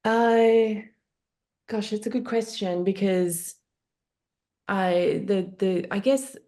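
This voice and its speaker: A woman's voice: medium pitch, takes it slowly, dark tone. A woman producer from Australia, answering interview questions thoughtfully with many fillers and restarts. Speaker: guest producer. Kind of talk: panel interview.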